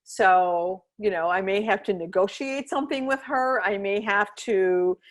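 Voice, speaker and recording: A woman who trains dogs talks through her podcast in a relaxed, chatty way, with her voice sitting in an ordinary middle pitch. She explains things earnestly and step by step, and she keeps checking in with her listener as she goes. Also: measured pace. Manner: chatty, checks in often with "right?" and "you know what I mean?". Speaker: podcast host and dog trainer. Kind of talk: casual podcast talk.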